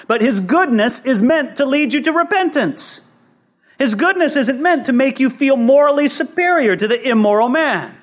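A man preaching a sermon, acting out the voices he quotes, rising emphatic and dropping low. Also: big pitch swings, normal speed.

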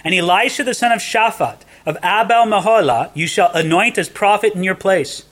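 A man preaching a sermon in a high, bright voice. He is earnest, dropping to a hush and then lifting into emphasis. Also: normal speed. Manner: earnest, shifts between hushed and emphatic.

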